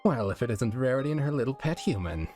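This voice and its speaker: A man's voice: mid-range voice, animated, fast talker, mellow, faint music behind, natural voice. A man voicing a smug, jaded female pony fashionista with a nasal, drawling voice. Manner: condescending, drawling.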